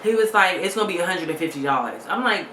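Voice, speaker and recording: A woman's voice: lowish voice, expressive, fast, fairly bright tone, reverberant, slight background noise. A woman vlogger telling a story casually, angry and fed up, retelling a phone call with lots of quoted back-and-forth.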